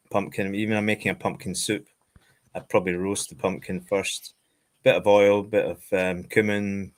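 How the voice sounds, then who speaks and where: A man giving casual cooking advice on a video call, laid-back and hesitant, with lots of ums. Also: low-pitched. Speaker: panelist, herbalist.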